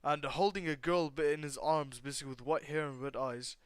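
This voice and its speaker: A man's voice: fairly high pitch, steady tone, a little fast, smooth, no room sound. Rambling young-sounding storyteller man. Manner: rambling, filler-heavy, talks to viewers. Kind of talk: casual improvised storytelling.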